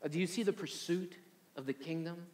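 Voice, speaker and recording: A man's voice: high voice, a little fast, darkish tone, reverberant. A man preaching a sermon energetically, often repeating words as he restarts. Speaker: pastor.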